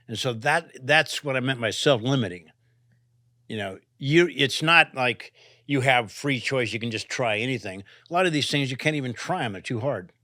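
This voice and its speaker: A man's voice: medium pitch, bright, forceful tone, no echo, studio quality. An older man, a climber and author, talking casually in an interview, rambling with restarts and asking "right?" a lot. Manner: rambling, restarts, frequent "right?" and "you know".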